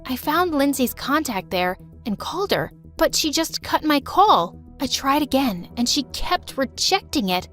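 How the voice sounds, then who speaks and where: High-voiced woman narrating an animated drama. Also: unhurried, few pauses, faint music behind. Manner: dramatic, emotional storytelling. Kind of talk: first-person story narration.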